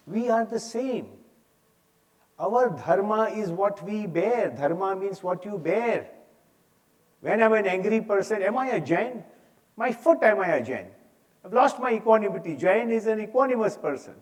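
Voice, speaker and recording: A man's voice: sits high, normal speed. An older man with an Indian English accent giving an emphatic, preachy talk on values at a conference. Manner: preachy, emphatic, rising and falling in force. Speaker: speaker. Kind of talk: inspirational talk on stage. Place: conference hall.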